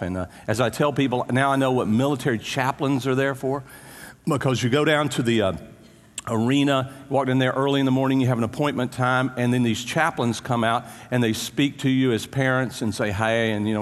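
Middle-aged guy preaching, asks the crowd stuff, jokes around, echoey room. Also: medium pitch. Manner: storytelling with humor, asks the audience questions. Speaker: pastor. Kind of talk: sermon. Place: church.

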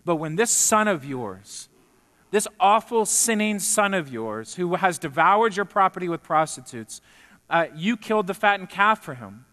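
Sermon retelling: preacher playing a resentful older brother, indignant and loud, raised voice, long hall reverb. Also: male voice, high voice, big pitch swings, a little slow, heavily acted. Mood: aggrieved. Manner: indignant, aggrieved complaining.

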